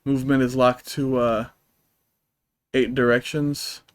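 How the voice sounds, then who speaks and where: A man's voice: mid-range voice, flat delivery, unhurried, dry recording. Man ranting profanely at a game. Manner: rambling, with many fillers and restarts. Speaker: streamer. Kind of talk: live-streamed gameplay commentary.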